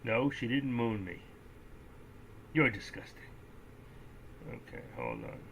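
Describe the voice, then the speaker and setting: A man giving casual, rambling live-stream commentary on stock trades, joking and breaking into excitable outbursts. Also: medium pitch, takes it slowly, creaky, a little hiss or hum. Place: indoors at home, seated.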